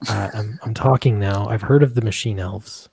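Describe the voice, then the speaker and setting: A man co-hosting a live stream, speaking quietly and hesitantly, apologizing often. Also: lowish voice, fairly even intonation, moderate pace, gravelly, slightly rough, no room sound. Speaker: stream co-host. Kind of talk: casual live-stream chat.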